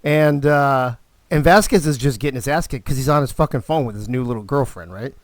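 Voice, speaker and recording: A man hosting a live stream, telling stories in a casual, animated way and swearing constantly. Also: medium pitch, brisk, dry recording. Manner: profane, animated, fired-up storyteller. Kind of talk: casual storytelling.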